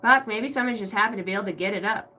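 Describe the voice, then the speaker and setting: Rapid-fire and medium-pitched, a woman runs through a casual tarot reading. She's crude and giggly, swearing freely and repeatedly bursting into laughter.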